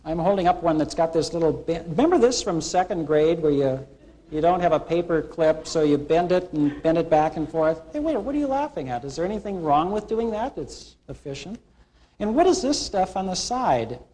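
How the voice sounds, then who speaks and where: Animated man lecturing with playful stories. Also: on the high side, moderate pace. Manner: animated storytelling, acting out quoted characters. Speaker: college instructor. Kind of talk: classroom lecture with humorous analogies. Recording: 1980s classroom video recording.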